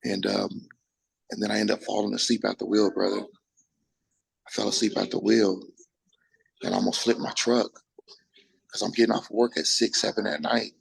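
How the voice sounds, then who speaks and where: A young man, a bodybuilder, telling his story in a casual interview, animated and full of restarts, acting out quotes. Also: lowish voice, fairly quick, low-quality recording. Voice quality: gravelly, husky. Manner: animated, acts out quotes, frequent restarts and profanity.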